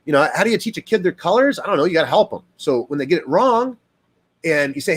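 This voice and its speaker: A man's voice: very animated, fast, slightly rough. A man, a dog trainer, talking casually in a rambling monologue full of fillers and acted-out quotes. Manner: rambling, lots of fillers, acts out quoted people in higher voice.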